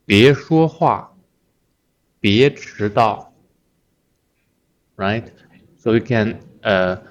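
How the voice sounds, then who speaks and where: A man whose first language is Chinese, teaching a language lesson patiently, repeating words with many fillers. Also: lowish voice. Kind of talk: slow explanatory lesson.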